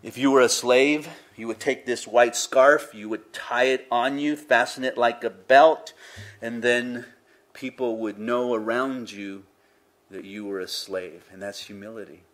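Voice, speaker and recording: A man preaching a sermon in an earnest, conversational way, building emphasis on key phrases. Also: medium pitch. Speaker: pastor.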